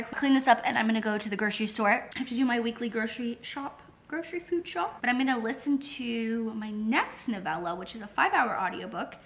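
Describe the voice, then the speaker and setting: A woman book vlogger chatting casually and excitably to camera, full of "like" fillers and the odd swear word. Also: mid-range voice. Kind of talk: casual vlog chat.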